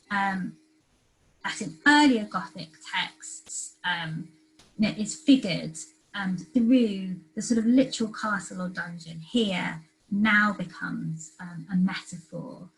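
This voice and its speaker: Woman giving a lecture, slow, lots of ums and uhs. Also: mid-range voice, a bit bright, low-quality recording. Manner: hesitant, many ums and uhs. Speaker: guest lecturer. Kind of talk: academic lecture.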